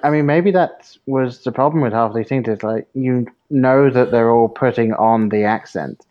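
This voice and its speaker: A man's voice: mid-range voice, moderate pace, muffled recording. A man guesting on a podcast, chiming in mildly and hesitantly on a film review. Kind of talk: casual film review chat.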